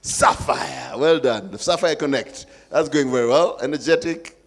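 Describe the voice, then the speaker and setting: A man's voice: medium pitch, normal speed. A man with a Kenyan accent hosting a live forum, coaxing and playful with the audience. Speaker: event host.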